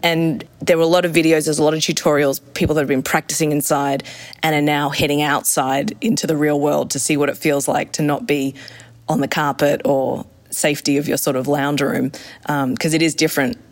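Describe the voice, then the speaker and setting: Enthusiastic woman, lively storytelling. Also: low-pitched, a little fast. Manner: enthusiastic, acts out quotes in shifting voices. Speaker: roller skating instructor. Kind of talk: casual interview chat.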